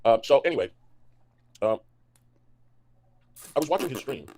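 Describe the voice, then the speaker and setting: A man's voice: mid-range voice, animated, normal speed, a little mellow. A man on a livestream, complaining in an aggrieved, repetitive way. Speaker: stream guest.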